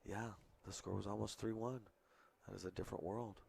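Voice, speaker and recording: A man calls a pool match as color commentator, talking in a fairly low, gravelly voice. He chats and jokes with his partner, then lowers his voice to a near whisper while a player lines up a shot. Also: steady tone, a little fast. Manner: chatty, joking, drops to a hush during shots.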